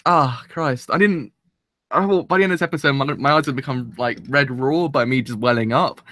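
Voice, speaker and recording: A man's voice: mid-range voice, brisk, sharp tone. A man hosting a live anime reaction, tearful and emotional, rambling and swearing mildly as he talks. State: tearful, crying. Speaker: anime reaction channel host.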